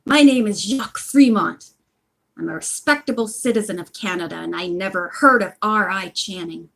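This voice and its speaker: A woman's voice: medium pitch, moderate pace, vocal fry, a bit bright. A woman reading as a sneering male prisoner. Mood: defiant. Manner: snarling, indignant.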